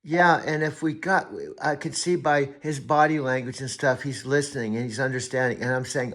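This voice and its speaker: A man's voice: mid-range voice, moderate pace, hardly any pauses, a bit bright. A man who hosts and coaches an AI, talking in an emphatic, insistent way and repeating his point. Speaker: host and AI coach. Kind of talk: casual heated conversation.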